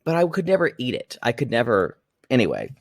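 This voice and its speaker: A man's voice: medium pitch, huge pitch swings, brisk. A man co-hosting a casual comedy podcast from his apartment, recapping a reality show with bawdy, sarcastic jokes. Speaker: podcast co-host. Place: apartment room at home. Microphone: podcast microphone.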